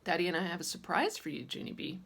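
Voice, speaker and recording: A woman's voice: lowish voice, quick pace, vocal fry, slightly rough, full character voice. A woman reading as a patient young mom. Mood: gentle. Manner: calm, explaining. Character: patient, gently teasing young mother. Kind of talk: children's audiobook reading.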